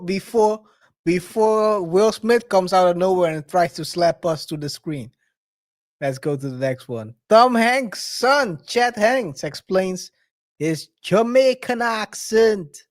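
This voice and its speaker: A man co-hosting a podcast, chatting in an animated way with quick restarts and shout-outs. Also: high voice. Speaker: co-host. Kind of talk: casual podcast chat.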